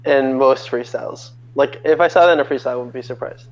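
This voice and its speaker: A man's voice: mid-range voice, fast talker, lo-fi sound. A man co-hosting a casual podcast chat, chatty and reading comments aloud. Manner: chatty, reads comments aloud, laughs often.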